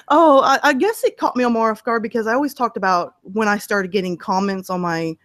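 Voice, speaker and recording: A woman's voice: fairly high pitch, lively intonation, moderate pace, a bit bright, no echo, clean studio sound. A woman guest in a casual interview, telling stories in a chatty way and laughing often. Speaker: interview guest, story narrator.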